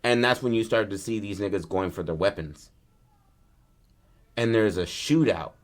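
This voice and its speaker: A man's voice: fairly low pitch, normal speed. A man hosting a podcast, casually and animatedly retelling a film plot in profane street slang. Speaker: podcast host.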